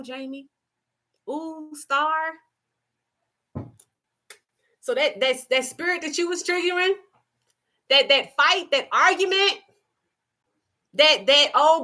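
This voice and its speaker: Woman, spiritual live-stream host; bright, forceful tone, preacher-like repeats, softens into gentle asides. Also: high voice, takes it slowly, long pauses. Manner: emphatic and repetitive, preacher-like cadence; shifts into soft, gentle asides to her child. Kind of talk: impassioned spiritual monologue.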